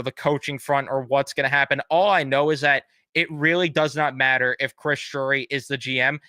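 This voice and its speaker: A man's voice: medium pitch, sharp tone, clear, resonant tone, no room sound. A young man live streaming as a fan, ranting casually with blunt swearing and sarcastic mock apologies.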